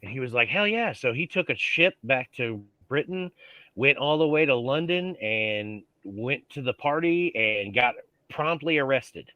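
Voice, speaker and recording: A man's voice: mid-range voice, expressive, a little slow, pushed and bright, dry recording, muffled recording. A man hosting a casual online group chat, joking and laughing with friends. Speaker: host.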